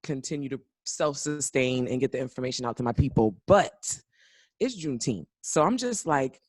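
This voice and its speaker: A woman co-hosting a casual podcast, her pitch swinging widely as she teases the others. The sound is close and dry. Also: normal speed, dry recording. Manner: animated and teasing. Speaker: podcast co-host.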